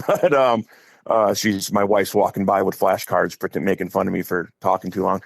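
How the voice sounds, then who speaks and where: A man's voice: low-pitched, steady tone, normal speed, gravelly, no room sound. A middle-aged man from Wisconsin with an Upper Midwest accent, a coach telling a long, rambling story as a podcast guest. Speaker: guest, high school head football coach.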